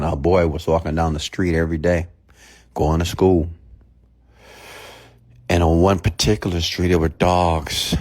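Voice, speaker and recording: A man's voice: a bass voice, a little mellow. A man giving a blunt, emphatic motivational sermon and telling a story to his audience. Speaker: motivational speaker.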